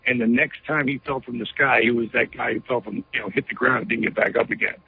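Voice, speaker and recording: A man's voice: mid-range voice, fairly even intonation, fast, slight background noise. A man being interviewed, telling a story emphatically with lots of "you know" fillers over a phone line. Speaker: interview guest.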